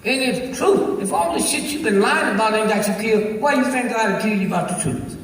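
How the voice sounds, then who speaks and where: A man's voice: high voice, brisk, a bit bright. An older man telling a stand-up story to a live audience, profane and preachy, checking in with "Huh?". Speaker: stand-up comedian. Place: large auditorium. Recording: echoey hall recorded from far off.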